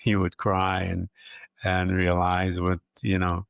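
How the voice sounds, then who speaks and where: A man hosting a conversational interview, asking questions in a measured, reflective way with filler phrases. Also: deep voice, monotone, gravelly, clear, resonant tone, no echo, clean studio sound. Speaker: host.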